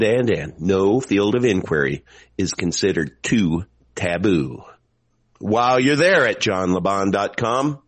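A man's voice: a bit bright, dry recording. A man hosting a podcast, introducing his guest in a showy announcer manner, then chatting casually. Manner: theatrical announcer delivery with big pitch swings. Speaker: podcast host. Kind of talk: showman-style intro then casual chat.

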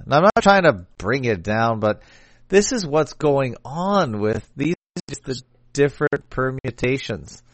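A man's voice: medium pitch, no echo. Dry-voiced man hosting a casual stream. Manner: opinionated, joking. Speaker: show host.

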